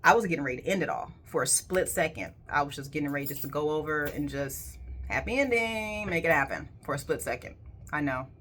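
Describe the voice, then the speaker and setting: A woman's voice: sits low, expressive, a little fast, a bit bright, slight background noise. A woman who works as a colon hydrotherapist, telling a personal story in a candid, emphatic way and swearing casually.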